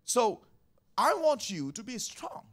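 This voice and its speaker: On a Sunday morning, a pastor with a high-pitched, slightly bright voice delivers a very animated sermon at a slow pace. He goes through scripture verse by verse, repeats key lines for weight, and keeps asking the congregation to answer back.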